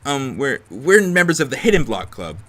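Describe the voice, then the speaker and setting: A man's voice: mid-range voice, big pitch swings, normal speed, a bit bright. A man voicing a hesitant, apologetic young male student in a visual novel.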